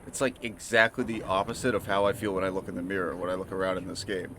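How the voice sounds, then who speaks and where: Male game streamer, nasal, low-ish voice, swears a lot, excitable casual commentary. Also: fast talker, hardly any pauses, slight background noise. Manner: excitable, profane, rambling. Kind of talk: casual let's-play commentary.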